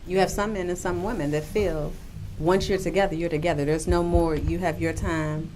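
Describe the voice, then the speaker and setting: A woman's voice: lowish voice, steady tone, normal speed, darkish tone, a little hiss or hum. A woman speaking as a guest on a talk panel, firm and opinionated.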